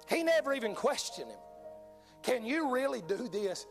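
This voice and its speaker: A man's voice: extremely high pitch, sing-song, moderate pace. A man preaching a sermon with passion, quoting King James scripture. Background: soft music.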